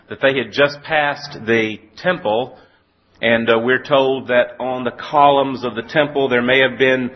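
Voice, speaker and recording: A male preacher with a husky, slightly breathy voice, delivering a sermon from the pulpit. He moves from folksy, lightly humorous storytelling to deliberate, weighty scripture reading. The recording is dull and lo-fi. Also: medium pitch.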